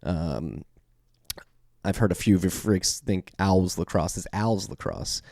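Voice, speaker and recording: Deep and a little mellow with vocal fry, a Philadelphia-accented man hosts a podcast at a slightly slow pace. His intro and ad reads are casual and unscripted, packed with fillers and corrections of himself. It's a clean studio recording without room sound.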